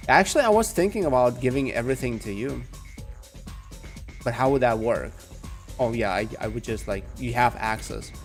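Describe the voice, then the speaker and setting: A young man with a calm, soft-spoken manner chatting casually with viewers while playing a game at home. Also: mid-range voice, moderate pace, faint music behind. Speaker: gaming streamer. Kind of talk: casual live game commentary. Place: home room.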